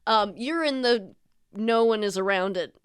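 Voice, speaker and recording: A woman running a tabletop game as dungeon master, narrating the scene in a relaxed, rambling way full of fillers. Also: mid-range voice, a little slow, smooth.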